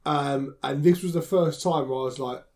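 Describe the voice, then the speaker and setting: Chatty man co-hosting, slightly high. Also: steady tone, normal speed, a little mellow. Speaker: podcast co-host. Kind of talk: casual chat.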